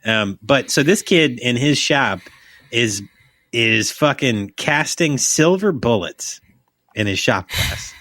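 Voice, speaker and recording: A man's voice: mid-range voice, expressive, takes it slowly, a bit bright, no echo, clean studio sound. A young man co-hosting a podcast, chatting loosely and profanely, joking and reading a plot summary aloud. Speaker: podcast co-host.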